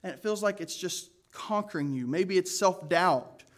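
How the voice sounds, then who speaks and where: A man's voice: sits high, normal speed. A man preaching a sermon as pastor, earnest and emphatic, with casual asides to the congregation.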